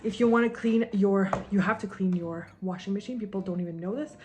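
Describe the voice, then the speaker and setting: A woman's voice: mid-range voice, fairly quick, darkish tone, a little hiss or hum. A heavily pregnant young woman with a mother tongue, chatting casually and a bit scattered while she cleans at home, sometimes out of breath. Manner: chatty and scattered, many fillers, laughing at herself. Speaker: vlogger. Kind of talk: casual chat. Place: home, moving between rooms while cleaning.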